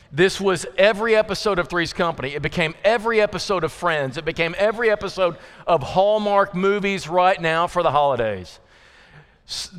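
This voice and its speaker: A middle-aged man preaches in a church, his voice set high for a man and smooth and resonant. He talks in a relaxed, storytelling way and slips into acted asides. A long reverb trails his words through the hall. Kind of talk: sermon. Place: church sanctuary.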